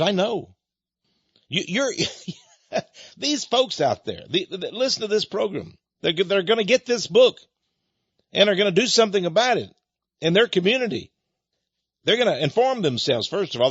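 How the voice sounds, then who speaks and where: A man's voice: sits high, fairly bright tone, slightly rough, dry recording. A male radio host preaching in an impassioned monologue, emphatic and given to repeating phrases for force, heard over a dull lo-fi broadcast recording.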